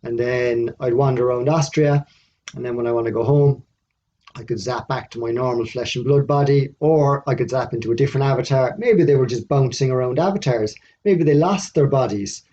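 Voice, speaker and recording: A man's voice: mid-range voice, a little fast, mellow, slight background noise. A man hosting a video, talking through his ideas in a casual speculative monologue full of musing questions and fillers. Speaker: video host. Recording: dull lo-fi recording.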